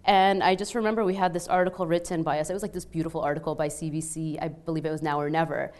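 A young woman with a notably low-pitched voice talks as a guest on a panel. She is chatty and relaxed, filling her sentences with "like" and "you know". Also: quick pace. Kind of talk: casual panel talk.

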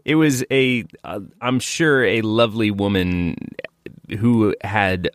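A man's voice: fairly low pitch, slow pace, dry recording, clean studio sound. A male podcast guest in casual chat, mild and self-deprecating, laughing easily.

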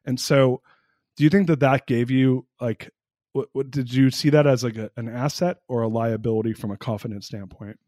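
A man in his forties hosts a loose conversational interview, chatty and animated, packing his talk with fillers. His voice sits at an average pitch for a man, and the recording is dry with no room sound. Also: normal speed, no echo. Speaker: host.

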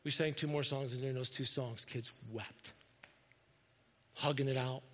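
A man preaching a sermon in a church, earnest and repetitive, moving between loud urging and quiet, hushed moments. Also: medium pitch, fairly even intonation, moderate pace, long pauses. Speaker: pastor. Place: church sanctuary. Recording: dull echoey church hall.

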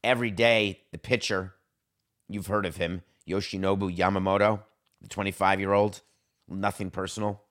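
A middle-aged man hosting a solo sports podcast, talking in a jokey, theatrical way and swinging his pitch up for emphasis. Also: little pitch movement, normal speed, a bit bright. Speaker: podcast host.

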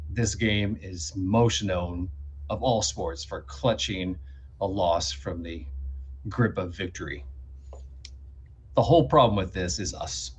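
Deep voiced podcast guy, musing about the game, half joking, faint room sound. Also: slight background noise. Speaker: soccer podcast panelist. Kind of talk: casual sports chat.

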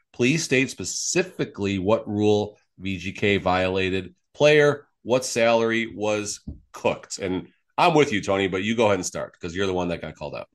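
Low-voiced man rambling on a sports podcast. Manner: rambling, searches for words, teasing. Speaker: podcast co-host. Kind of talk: casual sports podcast chat.

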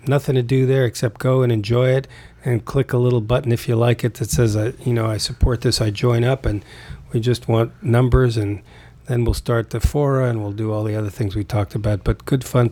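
Guy with a gravelly husky voice, rambling guest on a podcast, keeps restarting his sentences. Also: mid-range voice, steady tone, moderate pace, dark tone. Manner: discursive, restarts and repeats words. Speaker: podcast guest, Taoist author. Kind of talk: casual conversation.

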